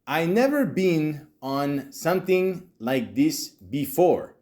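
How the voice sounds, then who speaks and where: A man voicing an adult woman online scammer with an exaggerated put-on accent, reading her words slowly and haltingly. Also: on the high side, big pitch swings, darkish tone, voice pushed up. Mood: mocking.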